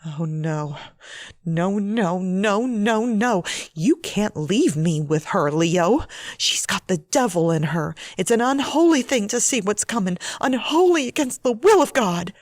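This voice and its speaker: Give me a woman playing a frightened, harsh mother in an audiobook, sharp-tongued and scolding. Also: fairly high pitch, sing-song, normal speed, few pauses, no echo, studio quality, voice pushed up. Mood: sharp, fearful. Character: fearful, harsh, religious wife and mother.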